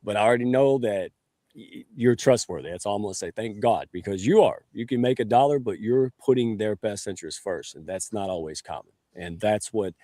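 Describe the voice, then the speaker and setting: A man's voice: fairly low pitch, a little fast, warm tone, dry recording. A man hosting a livestream on a video call, folksy and joking with his guests. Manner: folksy and joking, calls himself a redneck. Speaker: show host.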